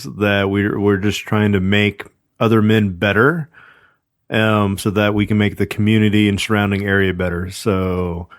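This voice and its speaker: A laid-back man co-hosts a podcast, joking and swearing freely in casual chat. His voice is somewhat low. The recording is dry and close. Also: no room sound.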